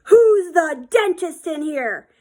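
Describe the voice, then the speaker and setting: A woman's voice: very high voice, lively intonation, slow pace, pitched above the performer's own voice, full character voice. A woman quoting an angry, protective dad. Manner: forceful, demanding.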